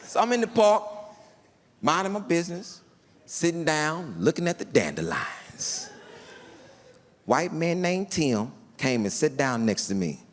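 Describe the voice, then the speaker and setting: A man's voice: on the high side, a little slow, long pauses. A man performing stand-up comedy, telling a long story and acting out the people in it. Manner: animated storytelling with voiced quotes. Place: large theater stage before a live audience. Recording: live hall with reverb and faint room noise.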